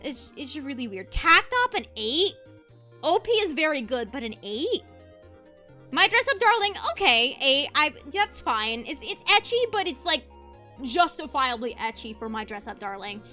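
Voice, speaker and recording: A woman's voice: sits high, big pitch swings, normal speed, pushed and bright, soft background music. A young woman streaming as a VTuber, ranting passionately in casual commentary and laughing easily.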